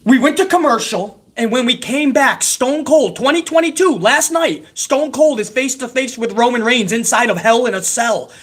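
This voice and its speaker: A man's voice: very high-pitched, moderate pace, few pauses, a bit bright, husky. A man hosting a wrestling recap show, ranting in a heated, sarcastic way with constant swearing.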